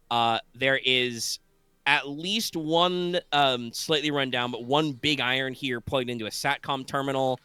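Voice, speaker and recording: A drowsy male game master describes scenes over an online call, wandering through fillers and restarts. His voice is bright and crisp. The sound is dry and close. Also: mid-range voice, dry recording. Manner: rambling, full of fillers and restarts. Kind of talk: narrating a tabletop game.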